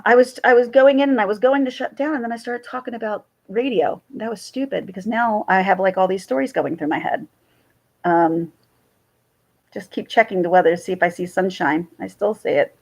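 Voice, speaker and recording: A woman's voice: mid-range voice, rough recording. A woman, rambling chattily to her chat while hosting a casual livestream. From central New Jersey. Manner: rambling and chatty, jumps between stories. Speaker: livestream host.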